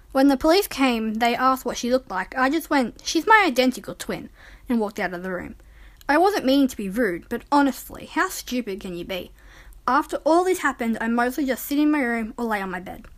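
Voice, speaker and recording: A woman narrating a first-person story in a calm, measured reading voice. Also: a little high.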